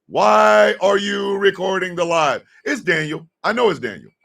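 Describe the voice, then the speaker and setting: A man's voice: high-pitched, moderate pace, creaky, fairly bright tone, slight background noise. A man hosting a casual live stream, scolding a troll in mock indignation and tacking "sir" onto his lines.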